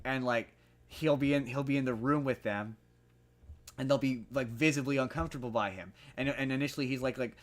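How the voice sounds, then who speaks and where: A man's voice: medium pitch, fairly even intonation, a little fast. A young man on a podcast, recapping a film in a loose, rambling way. He trips over restarts and fillers and grows heated as he argues his point. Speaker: podcast co-host. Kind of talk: casual movie review chat.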